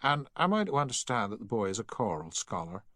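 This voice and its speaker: A man's voice: medium pitch, big pitch swings, brisk, a bit bright, no room sound, clean studio sound, voice pushed up. A man voicing a snobbish male tailor's shop assistant who lists items fussily and formally. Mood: prim.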